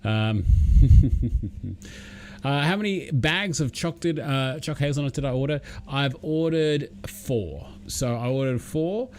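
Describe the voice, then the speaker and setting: A man's voice: medium pitch, measured pace, few pauses, slight background noise. A man with an Australian accent, chatting casually and rambling as he hosts a live stream and greets viewers by name.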